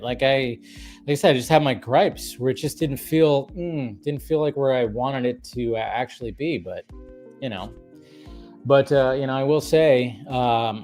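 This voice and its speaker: A man's voice: mid-range voice, a little slow, a little mellow, faint music behind. Rambling man hosting a casual livestream. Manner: rambling, repeats himself, many fillers. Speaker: livestream host. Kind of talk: casual live-stream chat.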